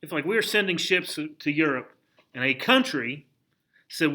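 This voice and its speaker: Bright-voiced animated male history teacher. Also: a little high, normal speed. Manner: animated, asks the class rhetorical questions; conversational, frequent restarts. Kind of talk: classroom lecture.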